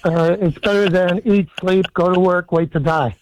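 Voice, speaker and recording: A man calling in to a sports radio show, telling a funny story deadpan with a lot of ums. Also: high voice, moderate pace, slight background noise, rough recording. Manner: deadpan joke-teller, hesitant with many ums. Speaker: caller.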